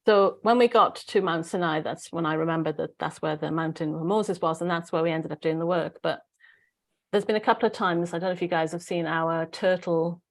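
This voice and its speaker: Casting: Welsh woman host, lowish voice, chatty, rambling, restarts mid-sentence. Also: fairly quick. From Wales. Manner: rambling, searching for words, frequent restarts. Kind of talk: casual spiritual group chat.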